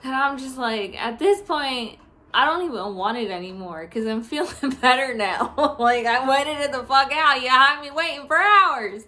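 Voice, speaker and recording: High bright laughing young woman. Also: expressive, normal speed. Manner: laughing often, swearing, exasperated storytelling. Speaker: vlogger. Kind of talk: casual storytime.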